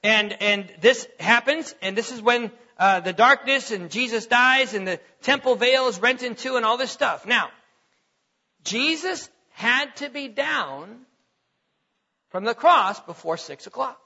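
A man's voice: very high voice, animated, unhurried, sharp tone. A man preaching a teaching sermon in a conversational way, stopping often to check that the listeners follow. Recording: dull lo-fi recording.

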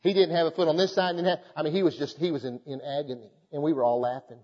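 A pastor preaching a sermon, moving from folksy storytelling into fervent, emphatic exhortation. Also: male voice, fairly high pitch, fairly even intonation, fast talker, dark tone, in a large hall, highs cut off.

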